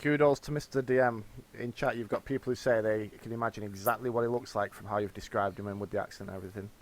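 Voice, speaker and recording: A man's voice: on the low side, fairly even intonation, quick pace. Chatty male tabletop player. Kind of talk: casual chat at a game table.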